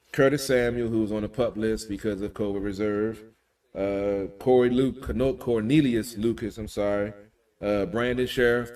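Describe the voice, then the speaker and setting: A man's voice: lowish voice, a little mellow, far from the mic. A man co-hosting a casual talk radio show, breaking down football news in an emphatic, slangy way.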